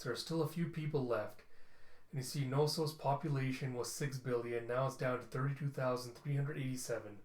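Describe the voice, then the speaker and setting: A man narrating a comic book readthrough, animated and emotional as he describes each page. His voice is mid-pitched, and the room gives it a noticeable echo. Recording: echoey room.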